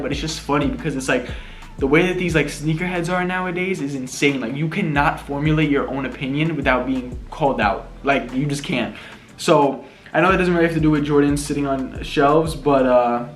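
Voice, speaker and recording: Laid-back young man in an echoey room. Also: fairly high pitch. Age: 20s. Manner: laid-back, slangy, rambling with lots of fillers. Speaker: sneaker YouTuber answering fan questions. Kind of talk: casual Q&A vlog.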